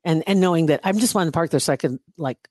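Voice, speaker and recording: A woman's voice: low-pitched, very fast, a little mellow, dry recording, clean studio sound. A woman chatting casually and telling a story, wry and exasperated, laughing often between lines. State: recovering from knee surgery. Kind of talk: casual chat.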